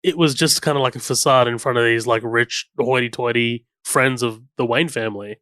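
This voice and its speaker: Smooth-voiced man gushing about a film. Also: medium pitch, steady tone, fairly quick, a bit bright, dry recording, clean studio sound. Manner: enthusiastic, recounts scenes and hums the score. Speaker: podcast co-host. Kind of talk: casual film commentary chat.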